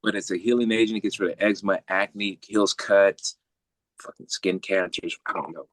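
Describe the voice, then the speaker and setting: There's no echo as this man, low-voiced and at a moderate pace, works through a lengthy personal story in casual conversation. He gets animated, curses freely, and performs the voices of the people involved.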